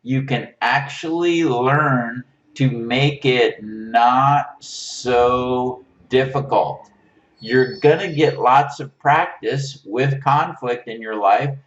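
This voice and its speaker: A man giving a relationship lesson, teaching in a coaching manner and checking in with his listeners as he goes. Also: medium pitch. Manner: unhurried, coaching, checks in with "right?". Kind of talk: motivational teaching talk. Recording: roomy, distant, dull lo-fi sound.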